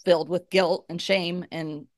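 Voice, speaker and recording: A middle-aged woman, guesting on a podcast, earnestly shares her personal faith testimony in conversation, emotional as she tells it. Her voice is lowish and level, her pace unhurried, and the recording is dry and studio quality.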